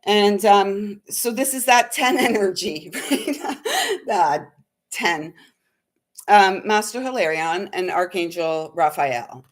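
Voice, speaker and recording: A woman's voice: mid-range voice, slow pace. A woman hosting a spiritual talk, rambling with many fillers in an earnest, slightly shaken way. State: shaky, unsettled. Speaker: spiritual channel host. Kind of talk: casual spiritual livestream talk.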